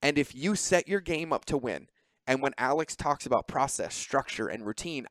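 A man hosting a podcast, talking in a lively, informal way and swearing freely. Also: medium pitch, no room sound. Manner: animated, swearing, quick asides. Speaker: podcast host. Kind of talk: casual podcast conversation.

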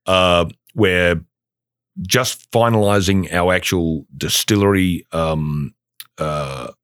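A man's voice: low-pitched, slow pace, a bit bright, dry recording, studio quality. A man from Australia, a guest chatting eagerly on a podcast about his business, rambling with plenty of fillers. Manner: enthusiastic, rambling with many fillers. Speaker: guest, bourbon company founder. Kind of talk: casual podcast chat.

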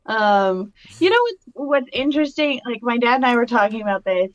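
A woman co-hosting a podcast in casual, giggly chat, halting with fillers. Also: fairly high pitch, lively intonation. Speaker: podcast co-host. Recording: dull lo-fi audio.

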